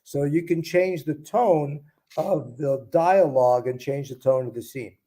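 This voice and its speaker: A man who is an actor and author, answering interview questions in a measured, explanatory way. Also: a little high, mellow.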